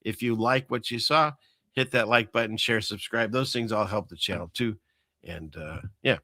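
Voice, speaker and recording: A man's voice: fairly low pitch, normal speed, pushed and bright, no room sound, clean studio sound. A man hosting his own show, rambling through casual commentary with many fillers and restarts. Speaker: show host.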